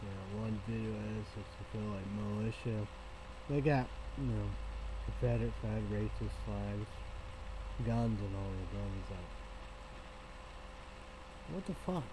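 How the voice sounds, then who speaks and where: A man's voice: lowish voice, a little slow, long pauses, background noise. A man talking in a loose, rambling vlog, circling back on himself and swearing freely. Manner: rambling, repetitive, with frequent swearing. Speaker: vlogger.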